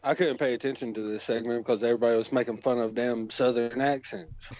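A man's voice: mid-range voice, steady tone, fast talker, a little mellow, lo-fi sound, a little hiss or hum. A man co-hosting a wrestling podcast, joking good-naturedly with the others. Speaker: podcast co-host. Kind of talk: casual chat.

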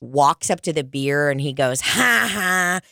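A woman's voice: rumbling low, fairly even intonation, normal speed, no room sound, studio quality. A young adult woman hosting a podcast, telling a rambling, profane story in casual chat. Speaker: podcast host.

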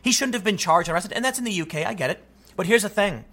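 A man's voice: sits high, animated, fast talker, sharp tone. A man giving heated, opinionated political commentary in bursts, speaking directly to the people he criticizes. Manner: heated, rhetorical, addresses his opponents directly; talks in bursts with frequent restarts.

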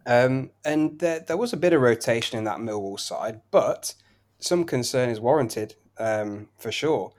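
A man runs through his football betting picks at a brisk clip, listing scores and odds in long, flowing runs. His voice sits at an ordinary middle pitch, and his delivery stays casual and conversational. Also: lively intonation, a little mellow. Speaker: betting podcast co-host. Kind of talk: casual betting tips chat.

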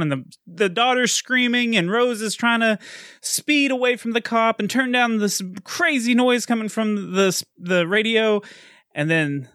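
A man casually retelling a film plot in chat, animated and quick to laugh. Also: high voice, no room sound, clean studio sound. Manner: animated storytelling, laughs often. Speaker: podcast co-host recapping a film.

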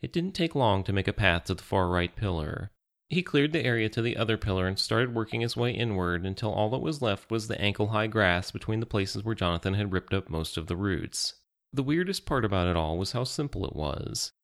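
A man reading an audiobook in steady, measured scripted narration. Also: on the low side.

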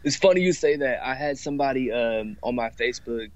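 A man who makes music, talking about his work as a guest in a casual chat, relaxed and full of fillers. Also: mid-range voice, a little fast, dry recording. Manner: laid-back, relaxed, lots of fillers. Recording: dull, dry, muffled sound.

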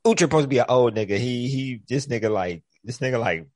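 A man co-hosting a casual chat, talking loosely and profanely with lots of restarts and bursts of excitement. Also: mid-range voice, quick pace, dry recording. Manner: profane, rambling, animated. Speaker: podcast co-host. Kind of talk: casual chat about TV shows.

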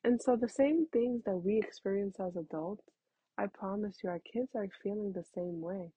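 A woman's voice: mid-range voice, normal speed, breathy edge, no echo, lo-fi sound. A woman in her thirties giving frank, conversational parenting advice, calling the listener honey. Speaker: parenting talk host. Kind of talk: casual advice talk.

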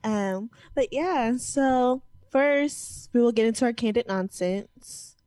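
Brief: woman podcast co-host, teasing, a little high voice, dry sound with faint music. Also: takes it slowly, darkish tone, dry recording. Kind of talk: casual podcast chat.

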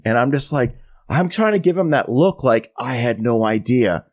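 Animated storytelling man, lively pitch. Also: normal speed. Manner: animated, mimics voices in quoted lines. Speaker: podcast co-host. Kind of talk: casual storytelling rant.

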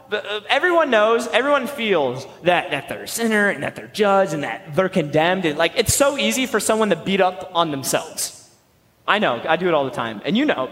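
A man's voice: high-pitched, fairly bright tone, in a large hall, low-quality recording. A young man preaching a sermon in a conversational, emphatic way. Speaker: youth pastor.

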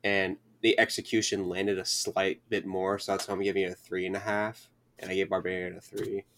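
Man, podcast guest, low-ish voice, loose chatty delivery, quick to laugh. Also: flat delivery, fairly bright tone, a little hiss or hum. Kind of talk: casual film review chat.

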